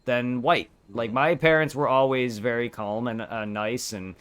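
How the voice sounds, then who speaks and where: Young male streamer, casual rambling storyteller, average pitch. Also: fairly even intonation, unhurried, a bit bright, clear, resonant tone. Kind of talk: casual chat while gaming.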